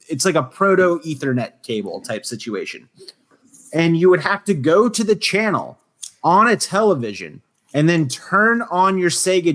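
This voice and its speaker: A man's voice: a little high, a bit bright. A man co-hosting a podcast, talking emphatically and swearing freely, who reads facts aloud to the others. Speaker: podcast co-host. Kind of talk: casual podcast chat.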